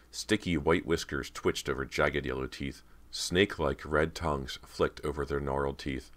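A man narrating a horror audiobook in a steady, measured reading. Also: rumbling low.

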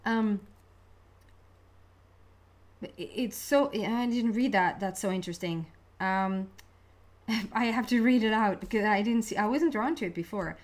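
A young woman talks her way through a tarot reading in a loose, chatty monologue, getting excited easily, laughing, and tripping over her words as her thoughts race ahead. Her voice is mid-range and unhurried, with frequent pauses.

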